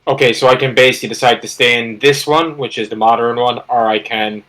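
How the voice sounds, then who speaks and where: Man, tabletop game player, casual talk, short agreeable replies, mid pitch. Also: fairly even intonation, fast talker, fairly bright tone.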